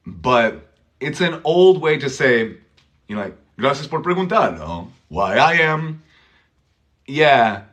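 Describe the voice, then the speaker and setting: A man's voice: medium pitch, a bit bright. A man teaching English pronunciation, who patiently repeats words and switches to Spanish for his learners.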